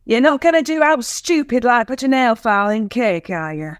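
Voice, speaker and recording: A woman's voice: on the high side, big pitch swings, normal speed, smooth, no room sound, clean studio sound. A woman playing a blunt, matter-of-fact middle-aged neighbour in a radio sitcom.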